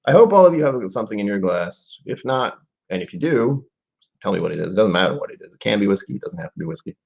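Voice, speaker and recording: A man's voice: on the low side, very animated, fast, creaky, dull audio. A man in his forties hosting a casual live-stream tasting, musing aloud and rambling with trailing asides. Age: 40s.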